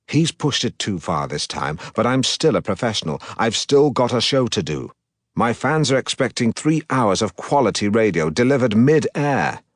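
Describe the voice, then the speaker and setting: A man reading an audiobook as a pompous, self-regarding middle-aged broadcaster, in a deadpan, self-important manner. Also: fairly low pitch, dry recording, clean studio sound. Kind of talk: audiobook narration.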